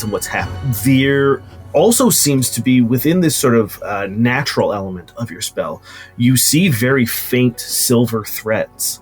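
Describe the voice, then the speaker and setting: A man running a tabletop game as game master, narrating scenes in a descriptive, halting way. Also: mid-range voice.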